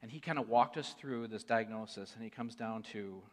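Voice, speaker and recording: A man in his forties giving an earnest sermon testimony, moving between hushed and emphatic delivery. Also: fairly low pitch, normal speed. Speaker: church speaker sharing a testimony. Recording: long reverb of a large hall.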